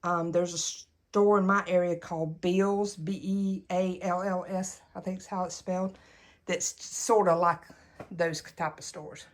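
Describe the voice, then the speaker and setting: A woman's voice: on the low side, level tone, measured pace. A woman with a Southern US accent narrating a casual home decor tour in a chatty, folksy way, filming her living room while staying off camera. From Southern United States. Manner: chatty, folksy, laughs easily. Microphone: camera held while filming, speaker off-screen.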